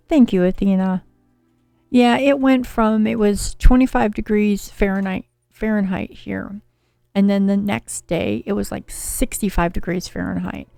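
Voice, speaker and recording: A woman host reads tarot cards for her chat in a relaxed, soothing manner. Her voice is mellow with some gravelly fry and a touch of scratchiness from a recent cold. It is close and dry, with faint music behind her. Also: medium pitch, no room sound. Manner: soothing, chatty, reads viewer names and card meanings. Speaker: tarot reader and livestream host. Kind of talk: casual livestream tarot reading.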